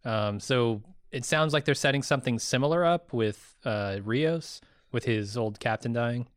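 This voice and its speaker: A man from the United States co-hosting a casual podcast, explaining ideas in a relaxed, thoughtful way. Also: medium pitch, unhurried, clear, resonant tone, dry recording, clean studio sound. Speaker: podcast co-host.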